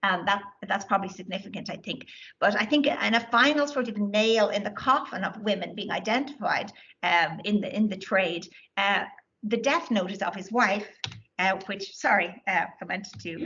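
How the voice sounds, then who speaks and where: A woman's voice: medium pitch, a bit bright, highs cut off. Hesitant woman giving a lecture. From Ireland. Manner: hesitant, many fillers and restarts. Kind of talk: academic talk with audience questions. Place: lecture room.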